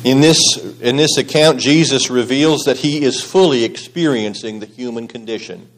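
A man teaching a Bible study group in an earnest, conversational way, often restarting sentences and turning to the class with questions. His voice sits in an ordinary middle pitch, with nothing unusual in its tone. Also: moderate pace.

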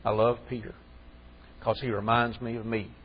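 Man preaching, husky voice, chatty then fired up, muffled dull recording. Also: medium pitch, little pitch movement, normal speed. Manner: conversational, rising to fervent emphasis. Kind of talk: sermon.

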